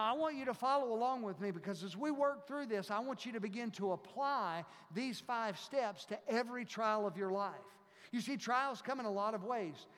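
A pastor preaching a sermon, emphatic and repetitive, reading scripture and leading a prayer. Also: male voice, sits high. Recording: long hall reverb.

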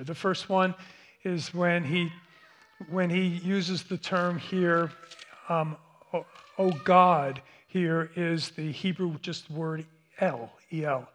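Slow, halting male pastor preaching. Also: fairly high pitch, fairly bright tone. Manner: slow, halting, with many restarts. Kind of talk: sermon.

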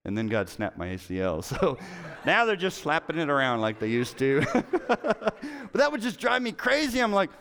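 A man's voice: medium pitch, brisk. A middle-aged man preaching a sermon as a pastor, telling stories with self-mocking humor and acting out quoted lines. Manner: animated, self-mocking storytelling with playacted quotes.

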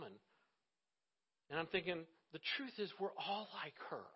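A man's voice: high voice, lively intonation, normal speed, long pauses, bright, forceful tone, husky. A man in his fifties, a pastor, preaching a conversational sermon that swells into emphatic passages. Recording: dull lo-fi sound.

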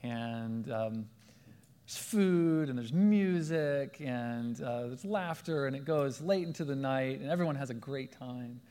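A man preaching a sermon in a lively storytelling way, acting out the voices of the people in his stories. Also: mid-range voice, measured pace, clear, resonant tone. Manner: animated, acts out quoted voices. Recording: long hall reverb.

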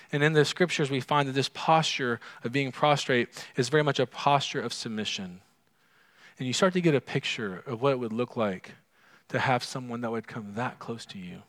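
A pastor preaching a conversational sermon to his congregation, swinging from loud and emphatic to quiet and hushed, often asking the listeners questions. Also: medium pitch.

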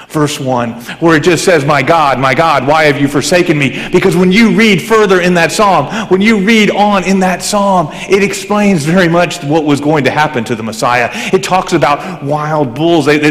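A male pastor preaching a sermon, swinging between fervent raised emphasis and hushed, low passages. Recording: long hall reverb.

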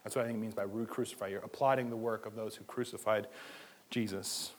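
A man preaching a sermon as pastor, talking conversationally and moving from quiet asides to loud pleading. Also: on the low side, fairly even intonation, quick pace, a little hiss or hum.

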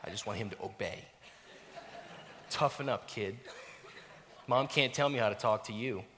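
A middle-aged man preaching a sermon as a pastor, animated and self-mocking, dropping to near-whispers at times. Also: fairly low pitch, moderate pace, noisy background. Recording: long reverb of a church hall.

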